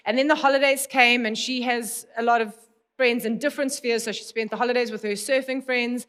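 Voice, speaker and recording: A woman's voice: fairly high pitch, fairly bright tone. A woman in her forties from South Africa, giving a conversational talk on parenting with anecdotal storytelling and frequent restarts. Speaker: speaker on parenting.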